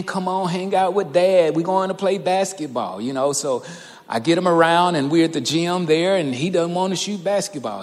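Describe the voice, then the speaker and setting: A man's voice: high voice, big-room sound. A man in his thirties preaching a sermon, telling a personal story and building to fervent emphasis. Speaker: pastor.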